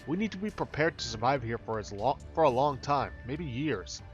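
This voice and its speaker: A man's voice: mid-range voice, animated, normal speed, highs cut off, soft background music, lightly acted. A man voicing a blunt, grim survivor who argues in a matter-of-fact way. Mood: insistent.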